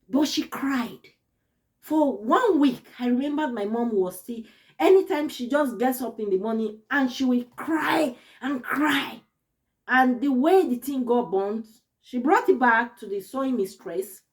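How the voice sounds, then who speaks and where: A woman vlogger telling a personal story to camera in an expressive, earnest, emotional way. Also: fairly high pitch.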